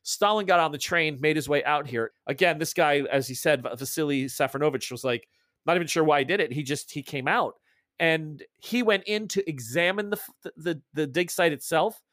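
A man's voice: fairly high pitch, fairly quick, fairly bright tone, dry recording, studio quality. A man running a tabletop horror game as game master, rambling with lots of restarts and asides.

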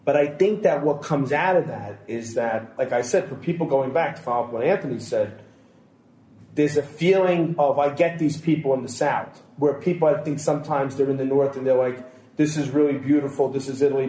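A man's voice: medium pitch, a little fast, warm tone. A man co-hosting a podcast, telling long anecdotes and quoting what others said, in a casual roundtable chat. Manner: storytelling, long anecdotes with quoted dialogue. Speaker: podcast co-host. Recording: roomy echo, faint background hiss.

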